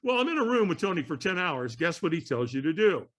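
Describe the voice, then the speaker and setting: A man telling an animated story as a guest on an interview podcast, acting out the voices of people in it. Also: on the high side, fast talker.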